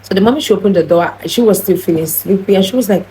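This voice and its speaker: A woman's voice: medium pitch, quick pace, dark tone, a little hiss or hum, rough recording. Earnest young woman telling a story. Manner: earnest and heated, with frequent restarts. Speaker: vlogger. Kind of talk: emotional storytime vlog.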